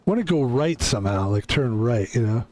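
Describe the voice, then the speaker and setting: A man streaming a game, hoarse while recovering his voice, rambling in a quiet hushed way. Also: mid-range voice, animated, normal speed. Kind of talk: casual gameplay commentary.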